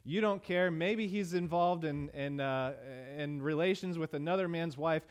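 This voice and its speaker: A pastor preaching a sermon in a conversational way, with many "uh" fillers and emphatic repeated phrases. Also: male voice, fairly high pitch, moderate pace. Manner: emphatic rhetorical repetition.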